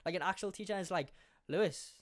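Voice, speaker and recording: A young man, hosting a podcast and telling a school story in a casual, animated way, full of swearing and acted-out quotes. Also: high voice, fast. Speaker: podcast host.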